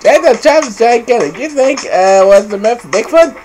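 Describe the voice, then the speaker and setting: A woman streamer chatting casually as she plays, giggling often and breaking into loud exclamations. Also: on the high side, animated, moderate pace, poor audio. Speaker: gameplay streamer. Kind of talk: casual game commentary. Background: game music.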